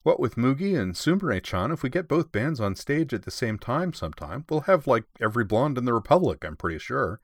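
A man's voice: mid-range voice, sing-song, brisk, few pauses, no room sound, clean studio sound, voice pushed up. A man voicing a cheerful, bossy teenage girl who leads a school band, speaking in a brash, teasing way. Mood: brash, upbeat.

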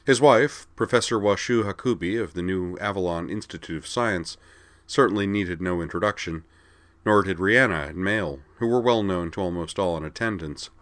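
A man reading a story aloud as narrator, in a steady storytelling manner. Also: low voice, normal speed, no echo.

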